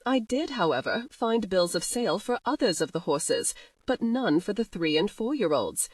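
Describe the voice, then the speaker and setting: A woman's voice: medium pitch, expressive, normal speed, dry recording, close to an everyday voice. A woman voicing a flustered, embarrassed young male steward in an audiobook. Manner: stammering, flustered.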